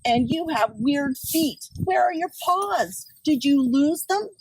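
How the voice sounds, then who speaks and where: A cheeky little storybook dog, put on by a woman reading aloud snaps back in a defensive, sassy way. The voice sits fairly high and unhurried, recorded from a distance with faint insects behind. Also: animated, darkish tone, slight background noise, heavily acted. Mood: indignant. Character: small, cheeky, indignant male dog.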